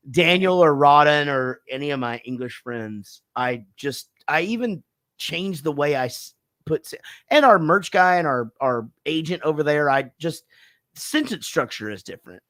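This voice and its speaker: Lively, profane man in casual banter. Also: a little high, measured pace, no echo. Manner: loose, profane, laughing often. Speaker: podcast co-host.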